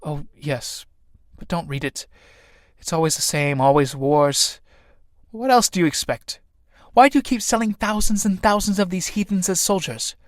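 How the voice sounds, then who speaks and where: A man's voice: high-pitched, animated, normal speed, no room sound, clean studio sound. A man reading the part of a dour, pious old female nurse in an audiobook of a play, in a preachy way. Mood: gloomy.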